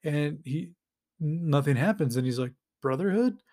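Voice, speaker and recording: A man hosting a podcast, casually retelling a comic storyline with lots of fillers and brief acted-out character lines. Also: on the high side. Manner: animated retelling with quick put-on character voices, many fillers. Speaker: podcast host recapping comics.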